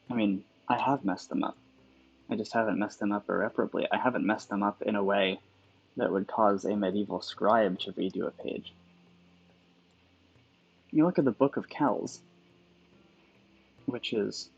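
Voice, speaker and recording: A man's voice: on the low side, darkish tone, breathy edge. A man chatting casually on a livestream while he works at calligraphy, thinking aloud and wandering off on tangents. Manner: musing, digressive thinking aloud. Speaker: calligrapher streaming his work. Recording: dull lo-fi sound with faint background music.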